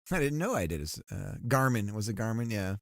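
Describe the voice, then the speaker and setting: A man's voice: on the low side, sing-song, normal speed, creaky, no room sound, studio quality. A man chatting casually on a livestream while working on a game, rambling and laughing often, with many restarts. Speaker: streamer.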